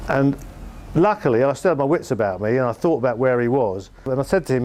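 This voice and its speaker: A man's voice: mid-range voice, expressive, fast talker, a little mellow. Wry English man telling music-business stories. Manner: wry and dryly humorous. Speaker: former band manager and music promoter. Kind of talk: anecdotal storytelling interview.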